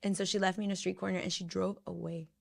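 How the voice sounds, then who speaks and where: A woman in her thirties co-hosting a casual podcast chat, telling animated stories with quick asides. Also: fairly low pitch, gravelly. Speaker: podcast co-host.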